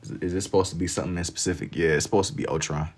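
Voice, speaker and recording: A man's voice: low voice, steady tone, very fast, slight background noise. A man chatting casually on a livestream while he draws, reading out viewer comments in a laid-back, slangy way and laughing easily. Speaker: livestreamer drawing on stream.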